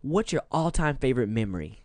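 A man's voice: medium pitch, sing-song, brisk, no room sound. A man hosting a casual podcast interview, playful and chatty, talking to his listeners. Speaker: podcast host.

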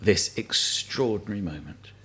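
A man's voice: fairly low pitch, moderate pace, bright, forceful tone, slightly rough. A man with a London accent chatting over dinner, telling stories in a playful, mock-grand way. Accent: London English. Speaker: dinner guest. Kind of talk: casual chat over dinner.

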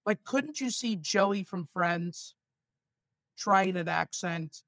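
A male stand-up comedian from Los Angeles, telling stories with animated asides in a casual podcast chat. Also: high-pitched, takes it slowly, gravelly, no echo. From San Fernando Valley, Los Angeles.

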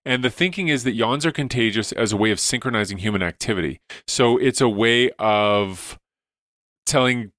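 A man's voice: medium pitch, normal speed, fairly bright tone, no echo. A man, a science educator, explaining studies enthusiastically in a casual podcast chat, with lots of "like"s and restarts.

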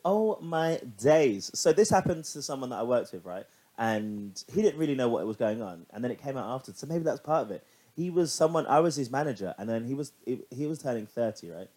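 A man in casual podcast chat, chatty and animated, swearing freely as he tells stories. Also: medium pitch, a little fast. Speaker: podcast co-host.

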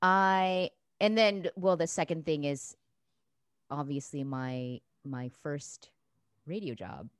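A woman guest on a podcast, chatting casually and softly, with frequent hesitations. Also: low-pitched, takes it slowly, smooth, dry recording, clean studio sound. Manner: soft-spoken, hesitant with fillers. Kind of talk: casual chat.

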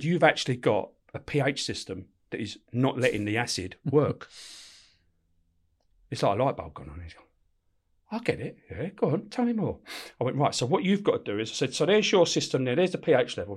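Lively sweary man telling stories. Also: mid-range voice. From England. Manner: swears constantly, animated, laughs while telling. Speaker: former prison officer, guest. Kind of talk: casual storytelling with acted-out dialogue.

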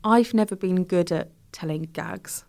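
A woman's voice: lowish voice, measured pace, gravelly, a little mellow. A woman comedian, a guest in a casual interview, telling stories and laughing as she talks.

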